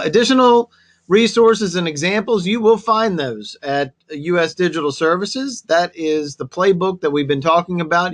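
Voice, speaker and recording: A man hosting an online government briefing, friendly as he walks through a list of web resources. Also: on the high side. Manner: friendly, lists web resources in a steady presenter tone. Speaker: webinar host.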